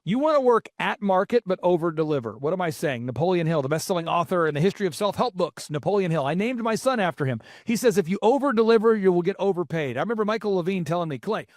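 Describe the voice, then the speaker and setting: A man's voice: high voice, lively intonation, fast, few pauses, no room sound, clean studio sound. A man hosting a business podcast as a coach, talking emphatically, repeating key points and listing steps. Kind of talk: motivational podcast talk.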